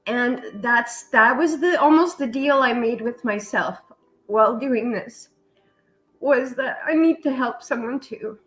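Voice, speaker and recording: High-voiced woman, heartfelt and tearful. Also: a little slow, a bit bright, soft background music, low-quality recording. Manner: tearful, heartfelt, swears casually. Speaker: vlog host. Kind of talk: emotional casual chat.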